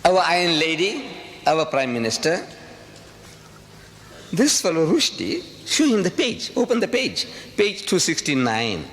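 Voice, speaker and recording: Older guy lecturing a crowd, fired up, pitch jumping all over, echoey hall with a bit of hiss. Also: huge pitch swings, a little slow, a bit bright. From South Africa. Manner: impassioned, rhetorical, repeats phrases for emphasis. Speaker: public speaker. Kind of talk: lecture to a live audience.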